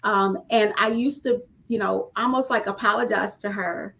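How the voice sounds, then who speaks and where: A woman's voice: medium pitch, fairly even intonation, normal speed, creaky, a bit bright. A woman in her thirties, a small business owner, talking earnestly in a casual panel conversation from her home studio over a video call. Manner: earnest, rambling with fillers. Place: home studio, former bedroom.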